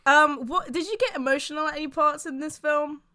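A young woman in casual film chat, playful and slangy, with short quick reactions. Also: high voice, sharp tone.

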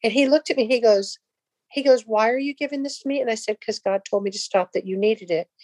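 Animated middle-aged woman telling a story. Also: on the high side, a little fast, dry recording. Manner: animated, acts out dialogue in voices. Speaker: guest telling a faith story. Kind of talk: casual storytelling.

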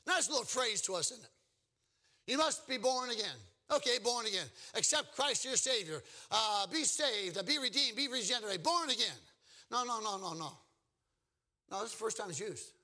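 A pastor in full sermon mode, a man with a high, bright, forceful voice. He preaches emphatically, moving between storytelling and joking asides to the congregation.

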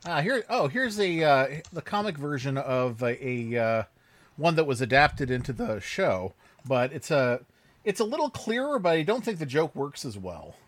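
A man co-hosts a podcast in relaxed, casual talk. His voice sits a bit high and moves a lot as he explains things with animated asides. The sound is dry and close, with no room around it. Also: moderate pace, dry recording. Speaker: podcast co-host. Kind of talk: casual discussion.

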